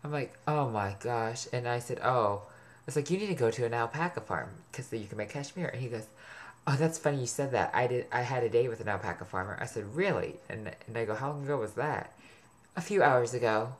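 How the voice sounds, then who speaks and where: A man's voice: mid-range voice, expressive, brisk. Male vlogger, chatty and sarcastic, gossips and swears as he rambles on. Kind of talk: rambling personal storytelling to camera.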